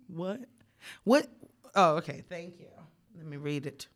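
A woman's voice: fairly low pitch, lively intonation, unhurried. A young woman co-hosting a casual podcast, telling a story bluntly and profanely, reading text messages aloud and breaking into frequent laughter. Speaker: podcast co-host.

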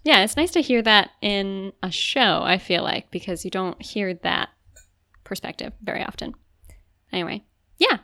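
Chatty and giggly, this podcast co-host, a young woman, talks loosely with lots of "like" fillers. Her medium-pitched voice is expressive, pushed, and bright at a moderate pace, recorded dry in clean studio sound.

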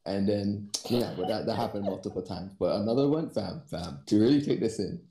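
Laid-back low man, gravelly and echoey. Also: a little fast, mellow. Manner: laid-back, unbothered, slangy storytelling. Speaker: podcast co-host telling work stories. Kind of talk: casual chat.

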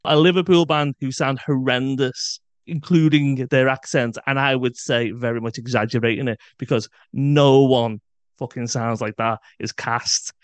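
A man's voice: mid-range voice, fairly even intonation, normal speed, clean tone, dry recording. A British man co-hosting a music podcast, talking casually and bluntly, swearing freely. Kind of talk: casual chat.

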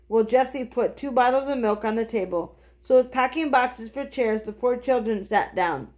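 A woman reading a children's book aloud gently, with small slips. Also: fairly high pitch. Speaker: storyteller.

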